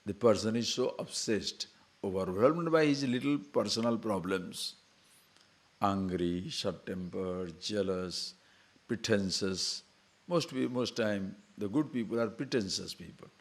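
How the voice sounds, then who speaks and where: A man's voice: lowish voice, measured pace. An older male spiritual teacher giving a discourse. He talks in a loose, conversational way, with teasing asides and little acted-out quotes. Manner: conversational, mocking asides, acts out quoted voices.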